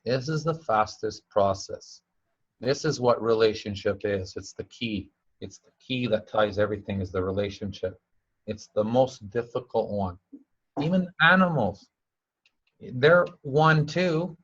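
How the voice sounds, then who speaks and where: A man's voice: on the low side, unhurried, a bit bright, highs cut off. A man giving an informal spiritual teaching talk. He rambles through stories, repeats himself and uses broken grammar, and raises his voice when he acts out the people he quotes.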